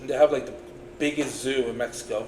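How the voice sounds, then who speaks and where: A man co-hosting a casual podcast who talks in a relaxed way, full of fillers, and laughs easily. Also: medium pitch, fairly quick. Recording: roomy with faint noise.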